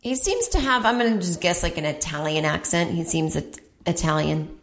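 A woman comedian telling a story with a lowish voice that leaps up high as she acts out the people in it. She sounds lively and expressive. The room around her is echoey. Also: normal speed. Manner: animated, acts out voices with big pitch jumps. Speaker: podcast host and comedian. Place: home in Brooklyn.

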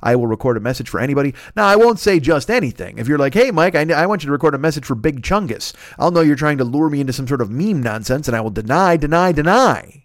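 A man's voice: medium pitch, expressive, quick pace, few pauses, dry recording, studio quality. Loose, profane male podcast host. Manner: loose, profane, rambling with self-corrections. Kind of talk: casual plugs and sponsor reads.

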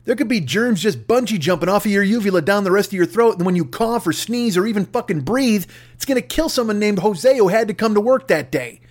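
A man's voice: high voice, lively intonation, fairly quick, hardly any pauses. A man delivering an angry, profane, mocking comedic rant.

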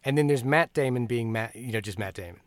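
A man's voice: medium pitch, fast, no room sound. A man co-hosting a film podcast in casual chat, joking wryly and musing thoughtfully. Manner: wry, jokey, thoughtful. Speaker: podcast co-host.

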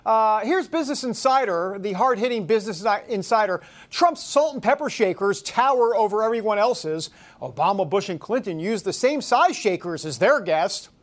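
A woman's voice: medium pitch, lively intonation, moderate pace. A woman hosting a talk radio show, reading headlines aloud with mocking sarcasm.

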